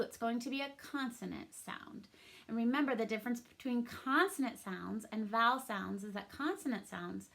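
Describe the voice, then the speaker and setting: A woman's voice: on the high side, a bit bright. A woman teacher giving a recorded reading and spelling lesson to her class, speaking patiently and spelling words out letter by letter.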